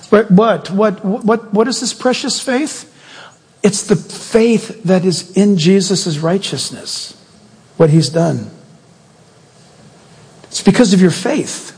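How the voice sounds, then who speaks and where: A male pastor preaching a sermon in an animated, jokey way, often asking the congregation questions. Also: sits high, a little slow, breathy edge, in a large hall.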